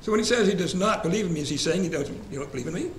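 Guy teaching bible study, kinda high voice, chatty, quizzes the class, echoey room w faint hiss. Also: expressive, very fast. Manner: conversational, asks the class questions, repeats references. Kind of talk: church Bible study lesson.

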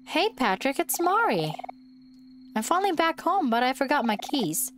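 A woman's voice: sits high, very animated, normal speed, a little hiss or hum, pitched above the performer's own voice. Chirpy teen girl at the door, put on by a woman. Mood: sweet pleading. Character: cheerful teen girl back home.

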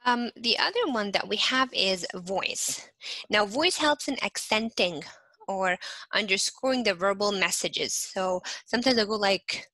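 A young woman teaching a lecture in a bright, clear voice. She keeps saying "again" and breaks into little acted-out examples. The sound is dry and close, with no room echo. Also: mid-range voice, expressive, a little slow. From not from Canada. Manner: repeats "again" and restarts often, acts out short examples. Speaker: instructor. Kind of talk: recorded lecture.

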